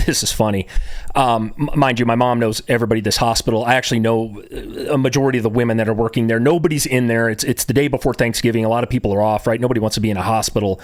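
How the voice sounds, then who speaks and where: A man's voice: mid-range voice, steady tone, fast, no room sound. A young man telling his own story casually to viewers, rambling with many fillers and repeated words.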